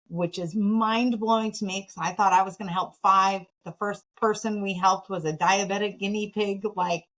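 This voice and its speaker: A woman from Michigan, a podcast guest, telling her story in a casual, animated, self-deprecating way with frequent laughter. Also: low voice, poor audio. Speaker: podcast guest, nonprofit founder.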